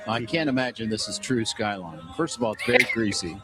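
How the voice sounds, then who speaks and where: A man's voice: fairly low pitch, lively intonation, fairly quick, over loud music. A man on a live baseball broadcast, making dry, self-deprecating remarks. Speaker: sideline reporter. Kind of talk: live broadcast tasting segment. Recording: broadcast clip with ballpark noise.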